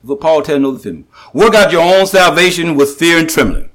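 Male preacher, high and animated voice, emphatic sermon delivery with frequent restarts. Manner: emphatic, repetitive, with halting restarts; slows and rises to stress scripture.

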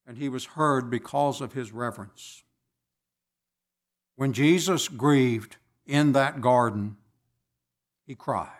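Slow, deliberate male preacher. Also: mid-range voice. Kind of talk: sermon.

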